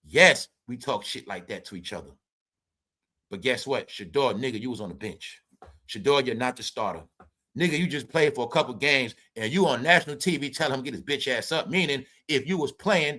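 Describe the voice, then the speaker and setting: A man hosting a celebrity gossip show, ranting with profanity and mockery, swinging between loud outbursts and low mutters. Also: fairly quick. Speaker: commentary show host.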